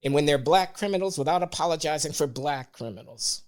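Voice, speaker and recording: Measured, emphatic man guest. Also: fairly high pitch. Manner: measured, deliberate, emphatic on key words. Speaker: podcast guest. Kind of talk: conversational opinion talk.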